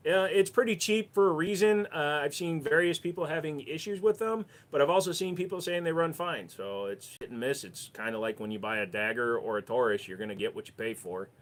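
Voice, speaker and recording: A man's voice: a little high, a little fast, hardly any pauses. A man with a Minnesota accent, speaking in a slightly raised register. He takes chat questions on a casual livestream and answers them bluntly, with plenty of cussing.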